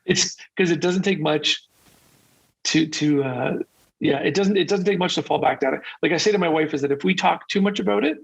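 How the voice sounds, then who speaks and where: Husky, gravelly man on a dull recording. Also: a little high, normal speed. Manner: open, confessional storytelling. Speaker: podcast guest. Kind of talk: casual interview conversation.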